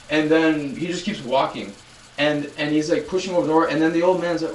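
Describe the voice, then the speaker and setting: A man's voice: on the high side, a little fast, distant mic. Man in his twenties, casual live-stream chat, rambling with restarts, roomy echo, faint background noise. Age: 20s. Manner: rambling storyteller, many restarts, talking to chat. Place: loud room.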